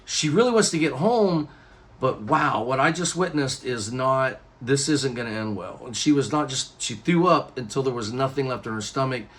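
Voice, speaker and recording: Talking to camera in a casual vlog, a YouTuber with a mid-range voice at normal speed recounts a personal story. His animated retelling rambles, restarts often, and jumps into other people's lines with acted quotes.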